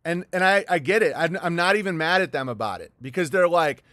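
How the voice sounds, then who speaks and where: A man's voice: on the high side, a little fast, a bit bright, dry recording, clean studio sound. Heated middle-aged man ranting. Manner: heated, profane, rambling with restarts. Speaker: livestream host. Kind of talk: rambling livestream monologue reading viewer chats.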